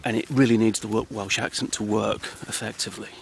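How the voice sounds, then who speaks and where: A man speaking outdoors on a countryside path in a hesitant, halting, dry deadpan ramble full of ums and restarts. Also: fairly low pitch, creaky, slight background noise, rough recording. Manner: dry, self-deprecating. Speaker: comedy vlogger.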